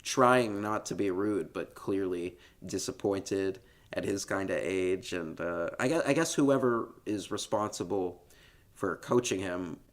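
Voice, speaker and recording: A man co-hosting a podcast, retelling a film scene by scene in a relaxed, laughing, casual way. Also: deep voice, measured pace. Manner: relaxed storytelling, laughs often, swears casually. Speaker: podcast co-host. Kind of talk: casual film recap chat.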